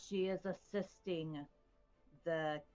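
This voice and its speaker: A woman speaking as a player in a tabletop game, calm and measured. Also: fairly low pitch. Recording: dull lo-fi sound with soft music.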